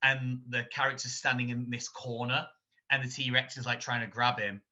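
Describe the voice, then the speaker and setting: A man chatting about films on a podcast, rambling and animated. His voice is very bright and forceful. The recording sounds dull and lo-fi. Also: medium pitch, moderate pace. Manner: rambling, animated, laughs while retelling scenes. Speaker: podcast co-host. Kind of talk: casual film chat.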